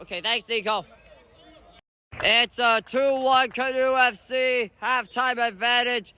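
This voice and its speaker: Excitable high-pitched man calling indoor soccer. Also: slow pace, clear, resonant tone. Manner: excitable, frequent shouted calls and exclamations. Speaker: amateur match commentator. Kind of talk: live play-by-play commentary.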